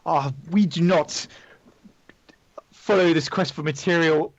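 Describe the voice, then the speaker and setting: A man's voice: fairly high pitch, takes it slowly, highs cut off. A man voicing a stern, suspicious knight who speaks in formal, archaic words. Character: stern suspicious male knight guarding a road.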